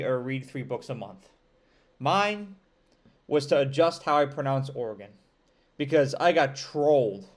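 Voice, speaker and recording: A man with an upstate New York accent hosting a college football show, talking to camera with energetic, emphatic hype. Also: medium pitch. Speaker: sports show host.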